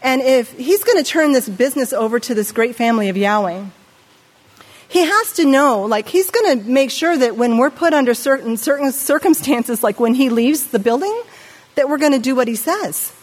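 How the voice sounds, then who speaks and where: Middle-aged woman, sermon, high voice, animated, long hall reverb. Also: moderate pace. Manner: animated, acts out quoted voices, asks the listeners questions. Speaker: preacher.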